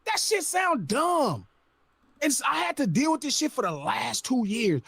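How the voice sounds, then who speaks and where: High-pitched husky man ranting loudly. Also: huge pitch swings, moderate pace, no room sound. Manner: loud, profane, incredulous ranting. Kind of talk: heated podcast rant.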